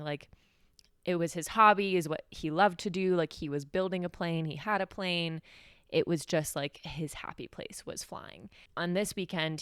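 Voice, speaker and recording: A woman's voice: sits low, a bit bright, clear, resonant tone, no room sound, clean studio sound. A young woman from New Mexico hosting a solo podcast, telling a personal story in a candid, conversational way with many "like"s. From New Mexico, USA. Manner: candid, conversational, heavy use of "like". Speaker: podcast host.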